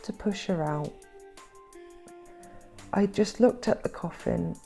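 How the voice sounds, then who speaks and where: A woman vlogger recounting her family estrangement in an emotional, halting way, repeating words when upset and close to tears at times. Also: on the low side, gravelly, warm tone, soft background music. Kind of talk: personal storytelling.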